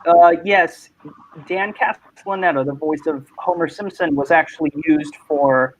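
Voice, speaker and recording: A man hosting a casual online panel chat, talking in animated, rambling bursts. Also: on the high side, a little slow. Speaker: host. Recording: muffled lo-fi mic.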